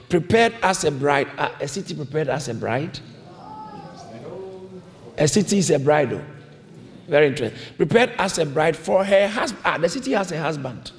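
A man preaching a sermon, emphatic and repetitive, calling on the congregation to repeat his lines. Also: fairly high pitch. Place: church hall. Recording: long reverb of a large hall.

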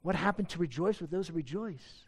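Earnest preacher man, higher voice. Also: lively intonation, a little fast, husky. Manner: earnest, emphatic, many rhetorical questions. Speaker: pastor. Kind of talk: sermon.

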